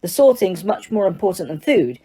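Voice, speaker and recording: A woman's voice: mid-range voice, sing-song, fairly quick, dark tone, breathy edge. A woman voicing a fussy, genteel male ghost who is chatty and a little pompous, in an audiobook reading. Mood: prim. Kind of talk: audiobook character voice.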